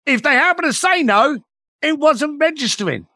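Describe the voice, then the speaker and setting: A man's voice: very high-pitched, lively intonation, normal speed, bright, forceful tone, no echo, clean studio sound. A middle-aged man, a podcast guest telling motivational stories in an emphatic way and swearing freely. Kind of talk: motivational storytelling.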